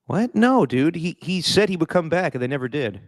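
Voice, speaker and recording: A man's voice: fairly high pitch, big pitch swings, a little fast, dry recording. A man co-hosting a podcast, telling a story in an exasperated, swearing way with stammers. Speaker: podcast co-host. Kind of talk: casual chat.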